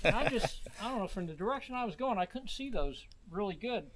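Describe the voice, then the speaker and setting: A man's voice: high voice, expressive, fast, heavy background noise. An older man on a forest hike, talking casually and telling a story with dry humor, recorded outdoors on a camera mic. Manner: dry storytelling, chuckles at his own jokes. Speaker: hiking guide.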